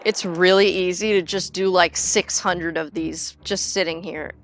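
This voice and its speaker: A woman's voice: lowish voice, steady tone, unhurried, fairly bright tone, a little hiss or hum. A young woman chatting casually on a gaming livestream, rambling and joking with frequent swearing. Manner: rambling, jokey, swears freely. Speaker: streamer.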